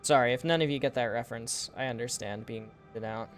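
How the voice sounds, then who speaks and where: A man's voice: mid-range voice, fast, faint music behind. A man giving casual live-stream gameplay commentary, rambling and laughing at his own puns. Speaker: game streamer.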